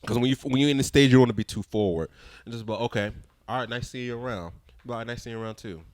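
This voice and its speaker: With a mid-range voice moving at a racing pace, a young man co-hosting a podcast tells a story directly and bluntly in casual chat. He's animated, acting out both sides of the dialogue in quoted voices.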